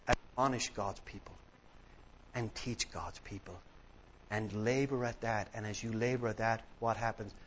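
A man's voice: medium pitch, a bit bright, dull audio, a little hiss or hum. A man preaching a sermon, emphatic and fond of repeated parallel phrases, telling a story to make his point.

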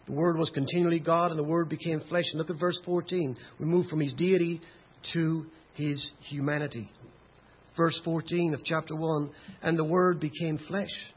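A man preaching a sermon, building to loud emphatic peaks and then dropping low and quiet. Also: husky. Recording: dull lo-fi sound.

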